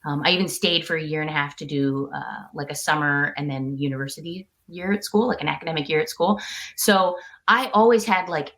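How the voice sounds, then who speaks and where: A woman's voice: deep voice, a little fast, fairly bright tone. A woman guest on a podcast, telling a personal story in a chatty, casual way, with lots of "like" and "um". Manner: chatty, many fillers like "like" and "um". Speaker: interview guest.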